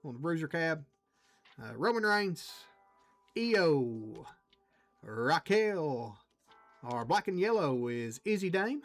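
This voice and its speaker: A man's voice: a little high, sing-song, slow, long pauses, soft background music. A man hosting a trading card break livestream, chatting casually with viewers and reading out the cards he pulls. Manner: chatty, reads out cards and talks to chat.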